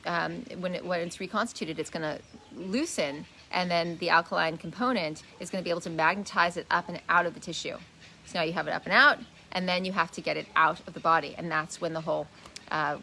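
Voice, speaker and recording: A woman explains a wellness lesson with a lowish, gravelly voice that has a bright, forceful edge. She talks earnestly, often stopping to restart or repeat a word. A faint background noise sits behind her. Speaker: wellness teacher. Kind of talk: casual live teaching talk. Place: indoors, shifting light.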